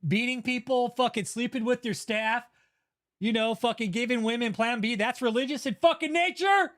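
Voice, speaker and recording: Male streamer, very high pitch, furious, swearing constantly, ranting commentary. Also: moderate pace, a bit bright. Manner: angry, profane, ranting. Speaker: channel host. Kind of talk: livestream commentary rant.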